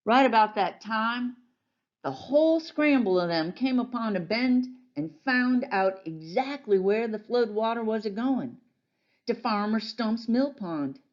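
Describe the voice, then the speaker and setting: A woman pastor reading a children's storybook aloud in a gentle, folksy storytelling manner. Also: on the high side, lively intonation, unhurried, dull audio.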